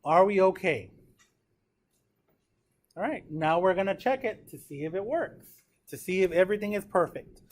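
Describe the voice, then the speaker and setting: A man's voice: high voice, expressive, moderate pace, long pauses. A man teaching a math class in a classroom, talking casually and checking in with his students often. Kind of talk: classroom lecture.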